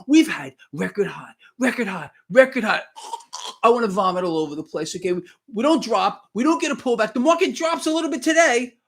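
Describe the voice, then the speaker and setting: A man's voice: sits high, fairly quick, vocal fry. A man hosting a live market commentary stream, talking bluntly and with animation, mocking panicked traders and answering viewer comments as he goes. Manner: blunt, animated, swears mildly, mocks and laughs; reads viewer comments aloud. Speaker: market commentator, show host.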